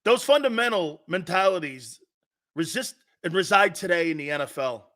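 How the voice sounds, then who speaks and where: A middle-aged man hosting a sports talk show, preaching his opinions in a fired-up, profane rant that swings from loud outbursts to low, intense asides and repeats lines for emphasis. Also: lively intonation, moderate pace.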